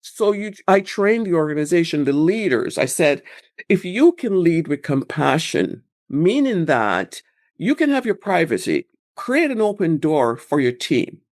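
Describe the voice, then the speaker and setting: A woman guest speaking about workplace burnout in a rambling, animated way, acting out quoted examples. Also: on the low side, unhurried. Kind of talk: conversational interview answers.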